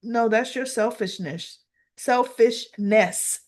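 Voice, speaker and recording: A woman's voice: on the high side, slow pace, a little mellow. A woman voicing a betrayed young bride accusing her friend in a soap-opera scene she retells. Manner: accusing, emphatic.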